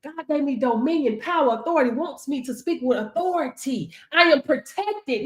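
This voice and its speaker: A woman with a high, bright-pitched voice delivers a motivational faith talk in a preacher-like style. She speaks emphatically, repeats her affirmations in a rhythmic chant and punctuates them with call-outs to her audience. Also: expressive, brisk. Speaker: business coach.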